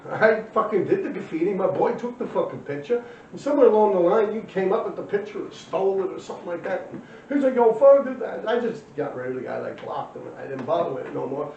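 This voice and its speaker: A man's voice: high voice, lively intonation, quick pace, creaky, a little mellow, a little hiss or hum. Swearing New man telling old stories. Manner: heavy swearing, slangy and blunt; loose and rambling, many fillers. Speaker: former graffiti writer telling his story. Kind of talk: casual storytelling monologue. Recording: dull, roomy, distant recording.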